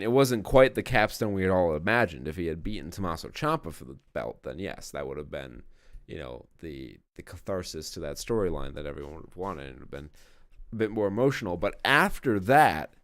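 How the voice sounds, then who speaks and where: Podcast co-host, male, lowish voice, dry close sound, emphatic casual chat with swearing. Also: expressive, brisk, no room sound. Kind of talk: casual wrestling review chat.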